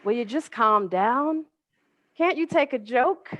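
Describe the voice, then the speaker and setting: A scornful demon tempter, put on by a woman, hurling slow belittling questions one after another. The recording is dry and dull, like lo-fi webinar audio. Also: on the high side, animated, fairly bright tone, no room sound. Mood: mocking. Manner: rapid-fire mocking questions, belittling. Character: taunting demon tempter, mocking and interrogating.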